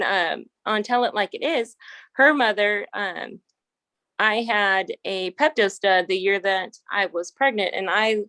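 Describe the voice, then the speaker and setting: A woman in her thirties, a horse trainer, chats her way through a family story, doubling back on her words and breaking into laughs. Her voice sits at an ordinary middle pitch and sounds close and dry, with no room around it. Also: a bit bright, dry recording. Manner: rambling, frequent restarts, laughs while telling stories. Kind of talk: casual storytelling interview.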